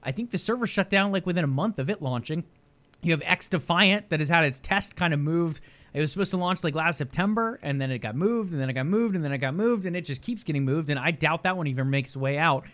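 A man co-hosts a casual gaming news stream. His voice sits a little high, and he talks in loose, filler-heavy runs and laughs easily. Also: quick pace, fairly bright tone. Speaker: podcast co-host.

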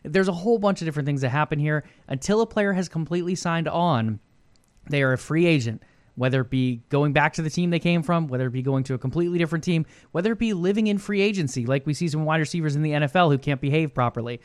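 A man co-hosts an esports news segment and works through each point in a measured, explaining manner. His voice sits a bit high for a man. The recording is dry and close. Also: dry recording. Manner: measured, explanatory, asks rhetorical questions. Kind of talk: casual esports news discussion.

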